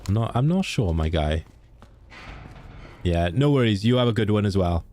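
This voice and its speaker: Low-voiced Welsh man chatting on stream. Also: expressive, normal speed, mellow, slight background noise. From Wales. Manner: chatty, answers chat by name, laughs easily. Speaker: game streamer. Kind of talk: casual live-stream chat.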